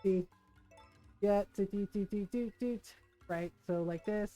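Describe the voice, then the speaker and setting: A woman's voice: medium pitch, measured pace, warm tone, soft background music. A woman streaming a video game from home, chatting casually, giggling often and acting out other people's reactions. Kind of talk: casual live-stream chat.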